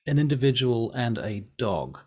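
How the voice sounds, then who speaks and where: A man's voice: medium pitch, sing-song, moderate pace, dark tone, slightly rough. A man, running a tabletop game as game master in a casual, playful way. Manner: casual, playful, with filler words.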